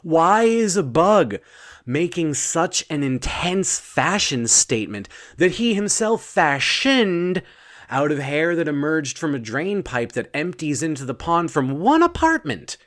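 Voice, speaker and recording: A man improvising an absurd bedtime story with a somewhat high voice. He rambles slowly, correcting himself and throwing in deadpan asides.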